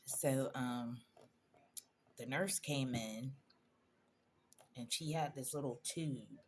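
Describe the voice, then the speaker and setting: A woman's voice: very deep voice, takes it slowly, a little hiss or hum. A woman in a personal vlog, telling a painful story in a conversational, emotional way, addressing viewers directly. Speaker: vlogger.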